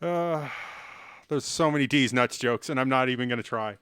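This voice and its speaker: A man's voice: mid-range voice, normal speed, fairly bright tone, clean tone, no echo, studio quality. A man chatting on a live stream while playing chess, rambling and self-mocking and cracking silly jokes. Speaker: livestreamer.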